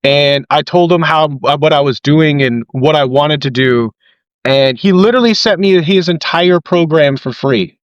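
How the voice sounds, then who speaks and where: A man hosting a casual podcast, telling stories with animated, excitable energy. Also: moderate pace, no echo. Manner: excitable storyteller, quoting people with big jumps in pitch. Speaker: podcast host and ring announcer. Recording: dull lo-fi dry mic.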